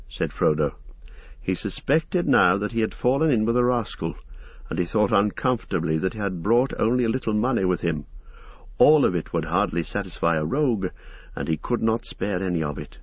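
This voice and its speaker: A man narrating an audiobook in a steady, even storytelling manner. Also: low voice, normal speed, breathy edge, no echo, highs cut off. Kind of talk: scripted narration.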